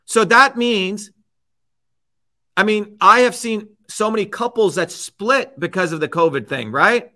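A man's voice: high-pitched, measured pace, pushed and bright. A man hosting a show, giving heated, combative political commentary and repeating his points with "okay?". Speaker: host.

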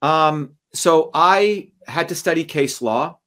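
A man telling a long story in an interview, animated and acting out the voices of others as he goes. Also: a little high, slow pace. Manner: animated, acts out courtroom dialogue. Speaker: guest.

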